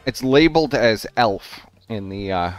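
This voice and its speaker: A man jokes and deflects blame in a casual group voice call. His middle-pitched voice moves lively, and the sound is dry and close. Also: unhurried, no echo, faint music behind.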